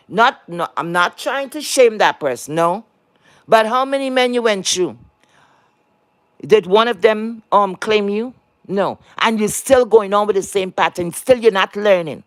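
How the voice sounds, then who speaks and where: A woman's voice: fairly high pitch, a little slow. Blunt, scolding woman on a livestream. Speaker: chat moderator. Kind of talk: livestream rant.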